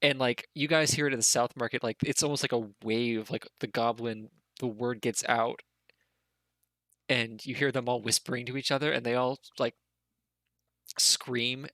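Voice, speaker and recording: A man's voice: medium pitch, steady tone, moderate pace, sharp tone, dry recording. A man running a tabletop game as game master, narrating in a loose, rambling way full of filler words.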